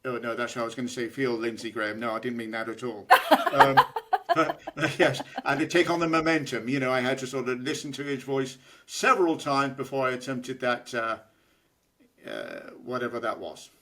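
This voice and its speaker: A man's voice: mid-range voice, fairly quick, a bit bright. A British man co-hosting a podcast, speaking in a dry, wry way and chuckling as he talks. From United Kingdom. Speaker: podcast co-host. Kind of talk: casual political comedy chat.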